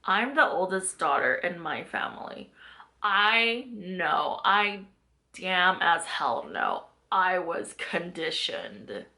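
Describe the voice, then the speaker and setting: A woman's voice: lowish voice, sing-song, slow, sharp tone. A young adult woman, a mindset coach, giving an earnest, chatty motivational talk to camera and reflecting on her own past. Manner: earnest, chatty, self-reflective, with bursts of animation.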